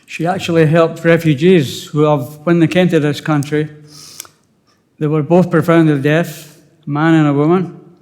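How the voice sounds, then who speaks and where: An older man with a Scottish accent, a widower giving a halting, emotional funeral eulogy with touches of dry humour. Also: a little high, steady tone, a little mellow, in a large hall. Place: funeral service.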